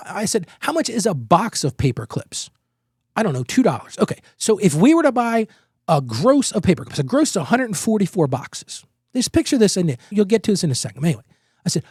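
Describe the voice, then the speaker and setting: Animated, high-voiced male podcast host. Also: breathy edge, no echo, studio quality. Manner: emphatic, conversational, tells anecdotes with rhetorical questions. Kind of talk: energetic business advice monologue.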